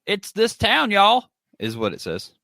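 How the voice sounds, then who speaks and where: A man reading trivia questions on a podcast and cracking jokes between them. His pitch swings widely as he talks. The sound is dry and close. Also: wildly swooping pitch, unhurried, gravelly, pushed and bright, no echo. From Kentucky. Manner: joking, reads questions aloud. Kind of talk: casual chat.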